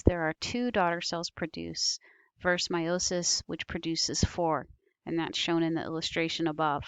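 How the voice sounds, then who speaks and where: A woman teacher walks students through a slide lecture, patient and explanatory, pausing on ums and fixing her own slips. Her voice sits a little low and comes across smooth and clear. The recording is close and dry, with no room sound. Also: no room sound. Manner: patient, explanatory, with frequent ums and self-corrections. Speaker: biology teacher.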